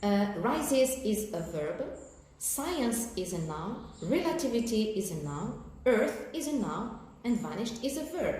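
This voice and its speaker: A woman's voice: mid-range voice, big pitch swings, darkish tone. Echoey Algerian-accented woman teaching English. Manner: slow, careful explanations with fillers and check-in "okay?". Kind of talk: recorded televised lesson. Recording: very echoey room with faint background noise.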